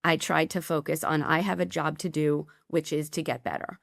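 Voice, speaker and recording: A middle-aged woman, a podcast guest, telling a personal story candidly with quick asides. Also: sits low, fairly even intonation, creaky, no room sound, clean studio sound.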